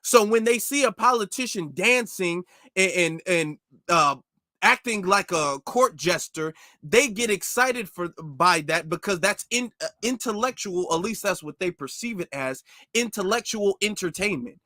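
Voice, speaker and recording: A man hosting a commentary video, reacting critically and emphatically to a clip he pauses and mocks. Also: high-pitched, lively intonation, bright, forceful tone, no room sound, studio quality.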